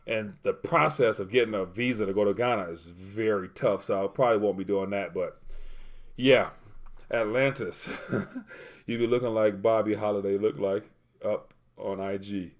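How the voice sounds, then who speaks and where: Guy on a livestream reading chat comments, lowish voice, rambly and loose. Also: steady tone, moderate pace. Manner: rambling, trails off while looking things up. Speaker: livestream host.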